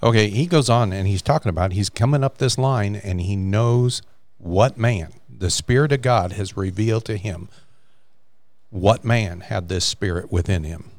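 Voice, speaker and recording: A man's voice: fairly low pitch, normal speed, a little mellow, no echo. A man co-hosting a faith podcast, earnestly retelling a story from a book in casual chat. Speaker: podcast co-host.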